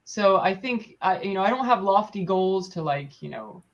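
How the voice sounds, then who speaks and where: A puppeteer in her forties, guesting on a casual interview, chats in an animated way with a mid-range voice at normal speed. She laughs often and restarts her sentences, and the recording has a dull lo-fi sound.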